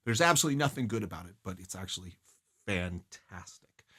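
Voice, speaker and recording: A man presents a study guide in an earnest, emphatic way. His slightly husky voice swings widely in pitch and jumps high on the words he wants to stress. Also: lively intonation, a little fast, sharp tone. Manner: earnest, emphatic, rises sharply on key phrases. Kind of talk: explaining a novel's scene and song lyrics.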